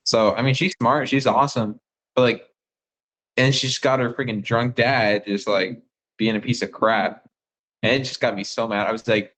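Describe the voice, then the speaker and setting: A young man, a missionary phoning home, telling rambling, excitable stories full of fillers. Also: mid-range voice, normal speed, poor audio. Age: young adult. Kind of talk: casual phone chat with family.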